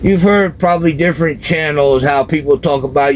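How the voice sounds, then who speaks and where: A man's voice: fairly high pitch, a little fast, low-quality recording. A man telling a long, casual story straight to camera, in plain street slang. He leans on "you know" and keeps it loose. There is faint ambient noise behind him. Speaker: vlogger describing prison life from experience.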